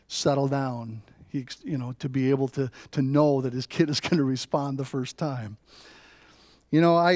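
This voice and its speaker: A man's voice: on the high side, a little mellow, no room sound, clean studio sound. A middle-aged man preaching a sermon as pastor, telling stories with rhetorical asides. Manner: storytelling with rhetorical "right?" asides. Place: church.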